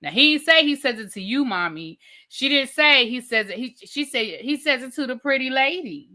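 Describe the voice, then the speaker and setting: A woman's voice: high-pitched, moderate pace. A woman hosting a casual live TV review, recapping scenes with chatty asides to her viewers. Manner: chatty, animated storytelling with frequent asides to viewers. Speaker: TV review host.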